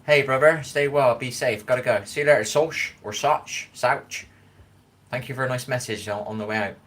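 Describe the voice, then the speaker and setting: A man's voice: mid-range voice, moderate pace, fairly bright tone. Tired chatty West Country man. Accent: West Country English. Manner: rambling, chatty, reads chat names aloud. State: tired after little sleep. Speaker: livestream host. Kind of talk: casual livestream chat. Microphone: phone.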